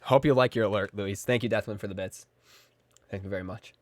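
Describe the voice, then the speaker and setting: A man livestreaming a video game, commenting casually and excitedly, joking and talking to his chat. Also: fairly low pitch, fast talker. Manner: excitable, jokey, talks to chat. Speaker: game streamer. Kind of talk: casual live gameplay commentary.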